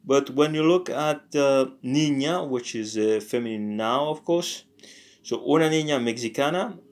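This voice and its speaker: Slow, halting man teaching a lesson. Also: medium pitch, darkish tone. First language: French. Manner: slow, halting, thinks aloud with many fillers and self-corrections. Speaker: language teacher. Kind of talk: casual online language lesson.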